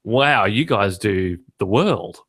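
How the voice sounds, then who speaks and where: A man's voice: on the low side, expressive, takes it slowly, a bit bright, a little hiss or hum. Joking Australian man hosting a podcast. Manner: joking, ranting. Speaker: podcast host. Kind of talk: casual chat.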